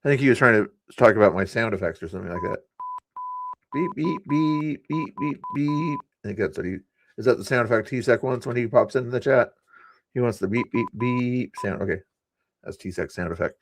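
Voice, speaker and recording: A man's voice: lowish voice, fast, noisy background. A man streaming live and playfully commenting to his chat. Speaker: live streamer reacting to clips.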